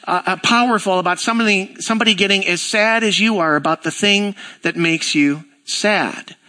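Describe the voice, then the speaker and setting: A man with a bright, ringing voice pitched a little high preaches to his church. He talks casually and animatedly, slipping into lively acted-out dialogue when he tells a story. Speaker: pastor. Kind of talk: sermon.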